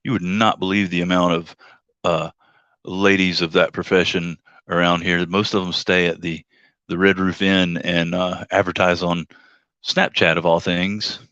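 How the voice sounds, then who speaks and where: A man's voice: sits low, little pitch movement, measured pace, fairly bright tone, no room sound, muffled recording. A man telling a rideshare story on his livestream in a rambling, joking way, acting out the voices of the people he quotes. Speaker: livestream host and rideshare driver.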